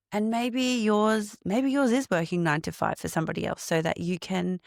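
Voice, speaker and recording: A woman hosting her own podcast, reflecting on healing and breathwork, laughing often and slowing into a guided meditation. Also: mid-range voice, gravelly, no room sound, clean studio sound. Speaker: podcast host and breathwork coach.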